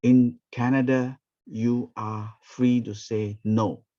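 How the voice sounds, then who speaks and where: A man, teaching a ministry training session through lively stories and acted-out quotes. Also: medium pitch, takes it slowly. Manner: animated, acts out quoted speech. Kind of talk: storytelling teaching talk. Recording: dull, muffled recording.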